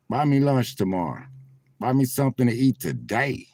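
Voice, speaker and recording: A man's voice: medium pitch, very animated, normal speed, warm tone, no room sound. A man livestreaming from his car on his phone, chatting straight to viewers with preacher-like swells. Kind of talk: casual livestream chat. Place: in a parked car at a truck stop.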